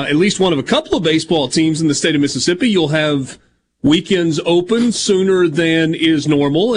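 A man hosting a sports radio talk show and reading live ads in an upbeat, lively way from a studio. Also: on the high side.

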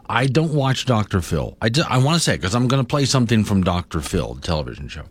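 A man hosting a morning talk radio show, speaking bluntly and conversationally about listener topics. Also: fairly low pitch.

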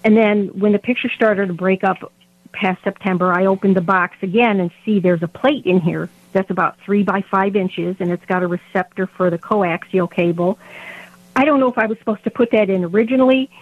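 A woman's voice: mid-range voice, steady tone, brisk, narrow, tinny audio. A woman from Indiana calling in to a radio show, nervous and rambling as she explains her problem. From Indiana, USA. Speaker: caller. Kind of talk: phone-in call. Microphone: telephone.

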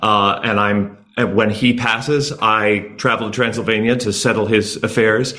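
Male stage actor in an interview, low voice, hesitant, lots of uhs. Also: fairly even intonation, measured pace, bright, forceful tone. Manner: hesitant, many fillers. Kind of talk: interview answers.

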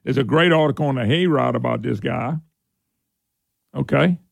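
A man hosting an opinionated political talk show, sarcastic and quick to laugh. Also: creaky, no echo. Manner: sarcastic, laughs often, voice jumps high when mocking. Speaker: radio talk show host.

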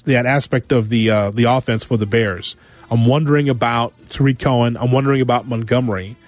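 A man hosting a sports talk radio show, giving an animated monologue full of rhetorical questions and repeated phrases. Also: medium pitch, no room sound. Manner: animated, rhetorical, repeats himself, acts out quotes.

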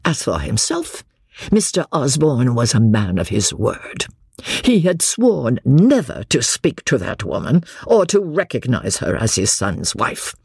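Man, audiobook narrator, slow, very husky, lively pitch, dry sound. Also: dry recording. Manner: expressive, slow storytelling with hushed asides.

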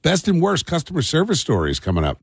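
A man with a New Jersey accent hosting morning radio, telling a story in an animated, exasperated way. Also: fairly high pitch, fast talker, vocal fry. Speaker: radio show host.

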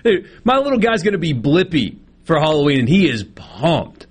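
A slightly higher-pitched man with a husky, breathy edge, talking sports. He is a radio co-host in his thirties who jokes around and pokes fun at himself before leading into the interview segment. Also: sing-song, normal speed. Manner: joking, self-deprecating banter. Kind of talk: casual radio chat.

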